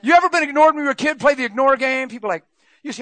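A male preacher giving an animated sermon, laughing often and breaking into shouts. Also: extremely high pitch, racing, no room sound.

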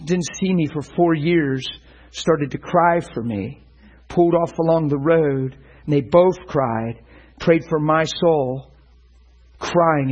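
A middle-aged man preaching earnestly about prayer, animated and stumbling over repeated words. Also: fairly high pitch, slightly rough, lo-fi sound. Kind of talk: sermon-style teaching.

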